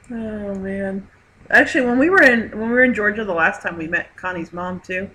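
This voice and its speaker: A woman's voice: mid-range voice, measured pace, bright, forceful tone, poor audio. A woman hosting a live online hangout, chatting casually, reading viewer messages aloud and laughing often. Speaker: host. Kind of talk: casual live stream chat.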